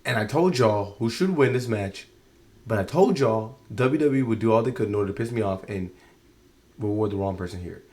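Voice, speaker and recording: A man's voice: lowish voice, expressive, brisk, a little mellow. A man giving a casual spoken review of a show, exasperated and rambling, often restarting his sentences.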